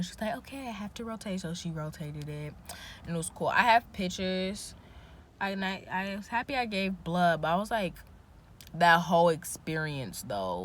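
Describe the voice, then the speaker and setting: A young woman vlogger tells a casual story, animated and indignant, full of "like". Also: low-pitched, a little hiss or hum. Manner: animated, indignant retelling with lots of "like".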